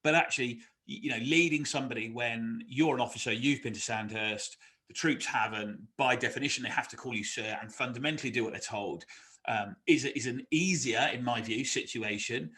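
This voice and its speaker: A man's voice: medium pitch, a little fast. A man co-hosting a podcast, telling army stories in a chatty, self-mocking way. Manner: chatty, animated when quoting, self-mocking. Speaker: podcast co-host, ex-army officer. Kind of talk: casual conversational storytelling.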